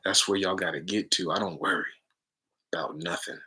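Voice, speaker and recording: Lively man preaching in casual slang. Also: sits low, fast, breathy edge. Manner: animated, preachy, slangy, laughs often. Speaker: spiritual chant leader. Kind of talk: casual spiritual talk to viewers.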